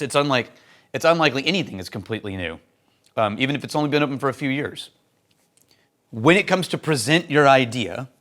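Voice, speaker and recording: Animated, opinionated man hosting a whisky vlog. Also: mid-range voice. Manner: animated, opinionated, laughs often, speeds up in asides. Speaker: whisky reviewer and host. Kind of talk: casual tasting-and-advice vlog.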